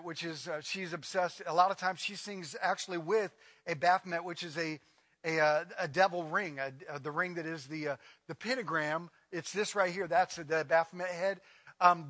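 A man preaching a sermon as pastor, impassioned, swinging from loud outbursts to low, quiet lines. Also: long reverb tail.

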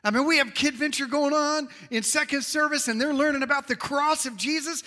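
A man preaching a sermon to his congregation, dropping low and quiet for emphasis and rising loud and high at peaks. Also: brisk, long reverb tail. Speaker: pastor. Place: church sanctuary. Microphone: handheld or wireless mic.

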